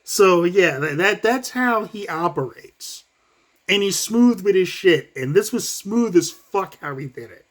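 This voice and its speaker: Man, vlogger, profane rant, high lively voice, swings up and down a lot, talks in quick bursts. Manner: profane, animated, fast bursts, acts out quotes. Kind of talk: casual commentary rant.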